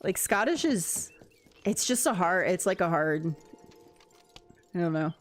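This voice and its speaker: A chatty woman streamer talks through her gameplay, rambling from one thought to the next. Her pitch swings around animatedly as she talks to her chat, and she laughs easily. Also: lively intonation, a little slow.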